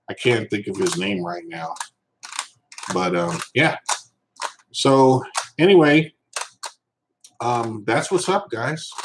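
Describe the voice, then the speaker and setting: A man's voice: mid-range voice, slight background noise, low-quality recording. A man chatting casually on a live stream, reading viewer questions and rambling, with lots of fillers and restarts. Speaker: reseller vlogger.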